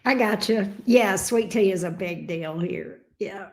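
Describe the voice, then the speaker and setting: A woman's voice: medium pitch, unhurried. A Southern woman from Alabama hosting a live stream, chatting casually and rambling as she reacts to viewer comments. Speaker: tarot reader and live stream host.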